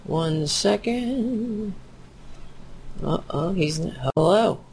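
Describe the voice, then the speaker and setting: A woman's voice: medium pitch, animated, very slow, vocal fry, a little mellow, slight background noise. A woman hosting a political commentary livestream, blunt, profane and sarcastic as she reacts to clips.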